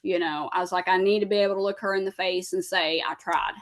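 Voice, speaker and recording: A woman's voice: fairly low pitch, fairly even intonation, fast talker. A woman in her thirties, a podcast guest candidly telling a personal recovery story and acting out past conversations. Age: 30s.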